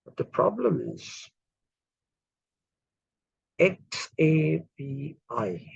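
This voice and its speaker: A man from India lecturing a class in a slow, deliberate way, spelling words out letter by letter. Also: a little high, sing-song, creaky, breathy edge, no echo, dull audio.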